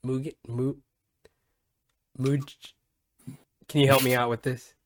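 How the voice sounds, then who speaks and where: A man hosting a podcast, joking and swearing in loose, animated banter. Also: medium pitch, slow, no echo. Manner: animated, profane, jokey. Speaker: podcast host. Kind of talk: casual podcast chat.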